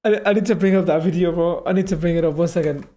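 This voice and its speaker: A man hosting a casual livestream chat, excitable and repetitive, often laughing and calling his friend bro. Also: high-pitched, fast. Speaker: livestream host.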